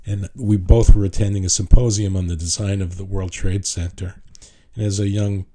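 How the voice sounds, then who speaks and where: Older new guy lecturing, low voice, kinda rambly, lots of restarts. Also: steady tone, warm tone. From New York City. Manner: rambling, halting with restarts and fillers. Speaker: retired architect teaching a class. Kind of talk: casual lecture with personal stories.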